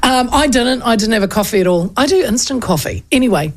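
A middle-aged New Zealand woman hosting a radio show, telling a story in a chatty, animated way with frequent laughs. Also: a little high, quick pace. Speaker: radio host. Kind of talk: casual storytelling chat.

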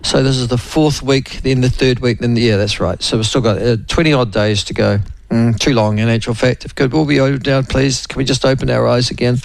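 A man's voice: medium pitch, fairly even intonation, a little fast, vocal fry, no room sound. A man hosting morning talk radio in a wry, rambling, opinionated monologue.

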